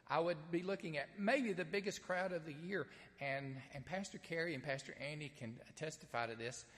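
A man's voice: fairly high pitch, a little fast, fairly bright tone. A man preaching a sermon to a nearly empty church, speaking in a conversational, earnest way with hesitant restarts. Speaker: pastor. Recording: long church reverb.

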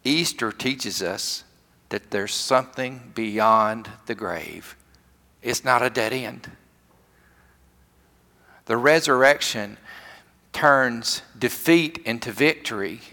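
Southern US male pastor, emphatic storyteller, bright tone, long church reverb. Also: mid-range voice, slow, long pauses. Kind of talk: sermon.

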